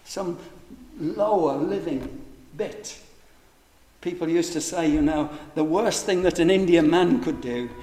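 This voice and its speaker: A man preaching from the pulpit, his voice a little higher than most men's. He presses his points with rhetorical questions and slows right down on the words he wants to land. The sound rings around a roomy church with a long reverb tail. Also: mellow. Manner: emphatic, rhetorical questions, varies pace for stress. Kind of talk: sermon.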